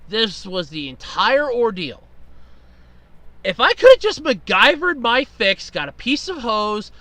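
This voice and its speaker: A podcast host tells a long, exasperated story in a rambling way and swears freely. His voice sits high and swings widely in pitch. It sounds bright and dry, close to the mic. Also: very animated, slow pace, no room sound. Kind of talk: casual storytelling monologue.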